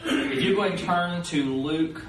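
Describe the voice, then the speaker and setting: A man teaching a live seminar, animated, acting out the voices of the people in his stories. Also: on the high side, moderate pace, background noise. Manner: animated, acts out quoted voices. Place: fellowship hall, live. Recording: roomy live recording from far off.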